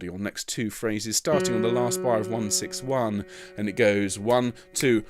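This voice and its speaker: A man's voice: medium pitch, normal speed, faint music behind. A man leading a tenor choir rehearsal online, explaining notes and counting the singers in, encouraging. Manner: encouraging, counts in and sings phrases as examples.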